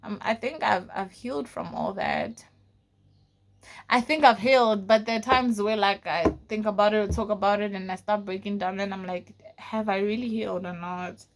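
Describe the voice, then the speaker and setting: A young woman from South Africa telling a personal story in a casual vlog, full of fillers and often dropping to a low, quiet voice. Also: animated, moderate pace. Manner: casual, frequent fillers like "like" and "you know". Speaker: vlogger.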